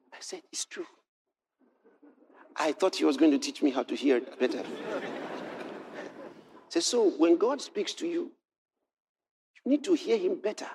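A man preaching a sermon, moving from quiet storytelling to shouted exclamations. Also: on the high side, a little hiss or hum.

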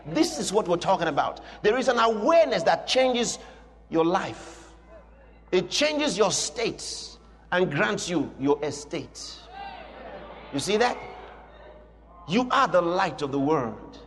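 A man preaching a sermon as pastor, emphatic and drawn-out, rising now and then into a shout. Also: high-pitched, very animated. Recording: long hall reverb.

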